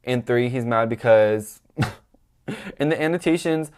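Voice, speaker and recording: A young man hosting his own podcast, telling a story in a rambling, animated way, full of "like" and swearing. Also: mid-range voice, takes it slowly, smooth. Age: young adult. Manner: acts out quoted people in a raised voice. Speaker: podcast host. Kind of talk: casual storytelling monologue.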